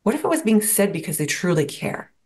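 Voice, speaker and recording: A woman's voice: lowish voice, very animated, fast talker, darkish tone. A woman guest on a podcast, talking about burnout in a reflective coaching manner and posing rhetorical questions. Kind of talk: interview answers.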